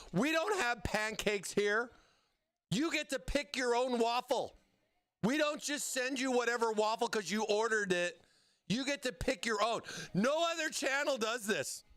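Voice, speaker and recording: Hyped dude hosting a stream, high bright voice, super dry close mic. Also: male voice, clear, resonant tone, dry recording. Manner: hyped, slangy, calls viewers baby and bro. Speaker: livestream host. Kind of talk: casual livestream chat.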